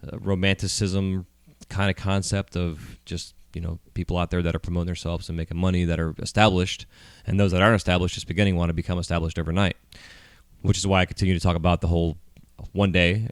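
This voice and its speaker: A middle-aged man with a low, smooth and resonant voice hosts a casual podcast chat. He rambles through his points with plenty of fillers and frequent swearing. The recording is dry and close, spoken into a handheld mic. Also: flat delivery, quick pace, no echo. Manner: rambling, profane, heavy with fillers. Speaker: podcast host.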